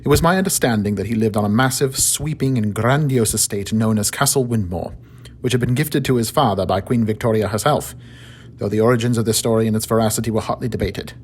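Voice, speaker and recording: A man calmly narrating a fictional story in a measured storytelling manner. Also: fairly low pitch, a little hiss or hum.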